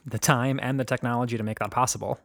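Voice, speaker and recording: A man's voice: medium pitch, steady tone, fast, vocal fry, dry recording. A man with a mid-range voice chats casually on a podcast, sincere one moment and wryly joking the next. His voice comes across close and dry, with no room sound around it. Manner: earnest, wry jokes, casual swearing. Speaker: podcast co-host. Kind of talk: casual chat.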